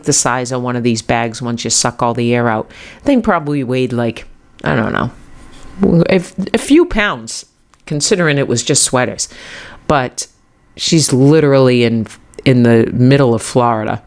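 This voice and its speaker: Rambling New England podcast host. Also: mid-range voice. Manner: wandering, self-correcting, chuckling often. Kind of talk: rambling casual storytelling.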